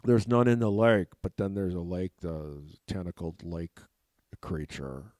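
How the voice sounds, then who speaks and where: A meandering orc giving a pep talk, played by a man, his low, mellow voice wandering off on tangents. He drifts into a hushed, soothing coaching tone. The sound is close and dry. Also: steady tone, a little slow, no echo. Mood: rambling. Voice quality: meandering, easily sidetracked. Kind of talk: improvised comic monologue.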